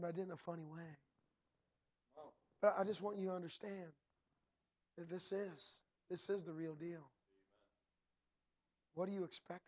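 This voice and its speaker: In church, a male pastor with a high-sitting voice preaches a sermon, then leads a prayer. He repeats "Lord" and "God" between phrases as the prayer builds to shouting.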